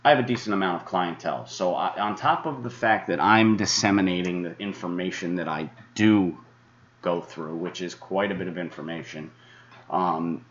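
A man's voice: low-pitched, a little hiss or hum. A man hosting a weather podcast, delivering an angry, profane rant that mocks his online critics. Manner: angry, swearing, mocking imitations of critics. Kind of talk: profane ranting monologue. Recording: dull lo-fi sound.

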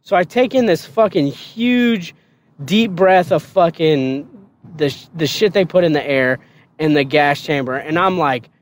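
A man telling basic training stories in a casual, profane and animated way on a podcast. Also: a little high, unhurried, slight background noise. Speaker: podcast guest storyteller. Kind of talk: casual storytelling.

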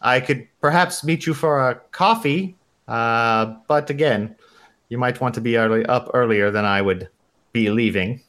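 A man's voice: mid-range voice, unhurried, fairly bright tone, natural voice. A man voicing a polite young female hotel receptionist in a mock German accent, formal and apologetic. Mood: prim.

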